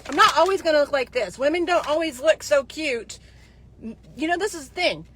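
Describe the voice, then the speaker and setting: A woman's voice: sits high, lively intonation, brisk, noisy background. A woman in her fifties talking casually to her viewers, rambling from one story to the next, with frequent digressions and restarts. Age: 50s.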